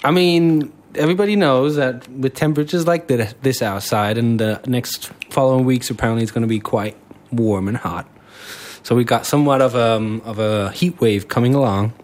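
A man co-hosting a casual radio chat, talking in a hesitant, halting way. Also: mid-range voice, a little mellow. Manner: hesitant, halting with fillers and restarts. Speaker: radio co-host.

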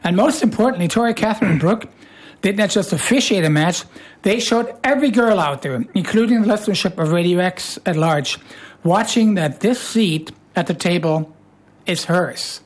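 Hoarse, teasing radio host. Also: mid-range voice, animated, moderate pace. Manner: playful, teasing, jokey. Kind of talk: casual radio chat.

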